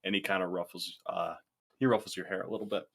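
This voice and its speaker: A man's voice: sits low, steady tone, quick pace, gravelly, a bit bright. A man running a tabletop game as game master, narrating in an easygoing way with frequent laughs and fillers.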